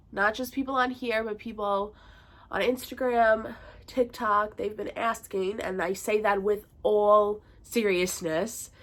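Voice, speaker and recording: Nasal young woman with a cold. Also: medium pitch. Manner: chatty, rambling, with frequent fillers. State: congested from a bad cold. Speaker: vlogger. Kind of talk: casual haul vlog. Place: bedroom at home.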